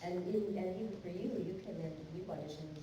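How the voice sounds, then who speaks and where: A woman's voice: fairly low pitch, fast talker, warm tone. A woman voice actor answering at a convention panel, joking and playful. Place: large convention hall. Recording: echoey hall, far mic, background noise.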